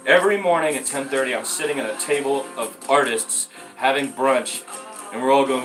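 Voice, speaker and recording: A man telling stories in a casual conversation, animated and emphatic, swearing freely and often jumping up in pitch. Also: a little fast, distant mic. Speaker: podcast guest. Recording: echoey room, off-mic, faint music.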